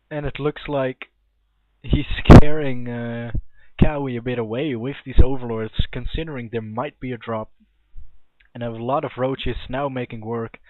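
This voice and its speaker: A man commentates a strategy game replay on his own, weighing each decision out loud and restarting his sentences as he goes. The sound is thin and phone-like, with no room around it. His pitch sits in the ordinary middle for a man. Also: no echo. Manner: opinionated, thinks aloud with restarts. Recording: tinny lo-fi mic, dry.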